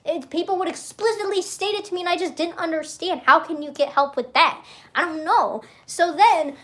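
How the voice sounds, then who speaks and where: A woman's voice: extremely high pitch, moderate pace. A young woman chatting casually on a livestream, rambling, interrupting herself and giggling often. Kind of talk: casual stream chat.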